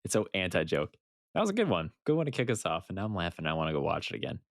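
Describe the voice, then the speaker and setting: A man co-hosting a podcast in casual chat, animated and laughing as he recaps scenes. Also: deep voice, rapid-fire, no room sound, studio quality. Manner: animated, laughs and uses fillers while recapping. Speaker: podcast co-host.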